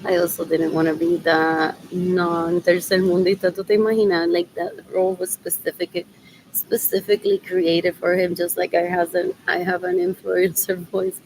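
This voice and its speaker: A woman's voice: on the low side, steady tone, moderate pace, a little mellow, slight background noise, low-quality recording. A woman rambling on her own in a loose solo stream, mixing in Spanish phrases and drifting between mumbling and whispering. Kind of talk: rambling solo livestream talk.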